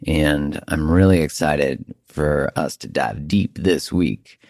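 A man's voice: very deep voice, slow pace, darkish tone, dry recording, studio quality. A man hosting a podcast, talking earnestly and emphatically in a reflective monologue, with the odd casual swear. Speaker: podcast host.

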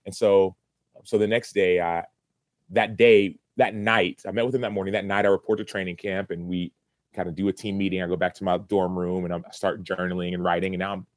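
A man's voice: low voice, level tone, fairly quick, dry recording. A man in his thirties, a former football player, earnestly recounting a personal story in an interview, with many restarts.

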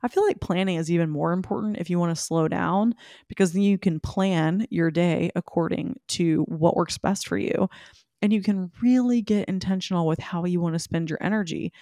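A woman hosting a solo podcast. She gives listeners animated, emphatic pep talks and speaks to them directly. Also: fairly low pitch, normal speed, dry recording, clean studio sound. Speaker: podcast host. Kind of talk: solo podcast talk, motivational.

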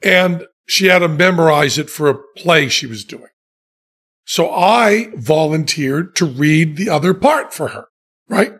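A man spins a long, self-mocking anecdote in relaxed conversation. His voice sits high for a man and he takes his time, with dry, deadpan timing and his own laughter breaking in. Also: unhurried, slightly rough. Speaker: podcast guest telling stories. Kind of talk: casual storytelling chat.

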